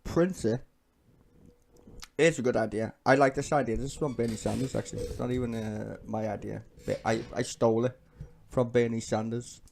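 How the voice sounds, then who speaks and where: A man's voice: fairly low pitch, gravelly, warm tone. A man giving sweary, ranting political commentary on a live stream, sardonic and blunt.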